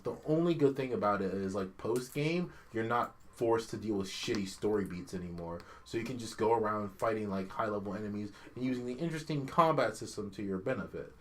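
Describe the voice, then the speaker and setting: A man's voice: on the low side, brisk, few pauses, slight background noise. A young man casually chatting on a podcast, ranting with profanity and exasperation and doing mocking impressions of characters. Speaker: podcast co-host. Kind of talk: casual chat.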